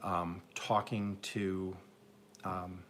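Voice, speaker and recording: A man's voice: sits low, flat delivery, drawn-out words, a bit bright, slight background noise. A man with an upstate New York accent, chatting casually and joking with viewers during a live garden stream. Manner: rambling, self-mocking, joking with chat viewers. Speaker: garden channel host. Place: home garden, Oklahoma.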